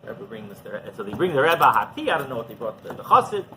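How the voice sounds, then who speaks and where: A rabbi telling a story in a conversational sermon, halting and repeating himself as he goes. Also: medium pitch, sing-song, pushed and bright. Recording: noisy background.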